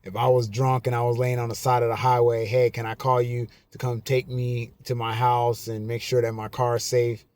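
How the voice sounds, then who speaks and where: A man vlogger giving a casual, emphatic monologue to camera, slowing down and repeating his key lines. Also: medium pitch, flat delivery, a little mellow. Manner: slow, repetitive, emphatic.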